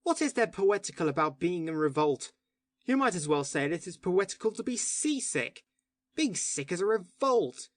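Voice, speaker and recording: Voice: mid-range voice, sing-song, normal speed, no echo, studio quality, lightly acted. A reader voicing a passionate male poet who argues with fervent oratory, in audiobook dialogue. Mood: impassioned. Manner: impassioned, oratorical arguing.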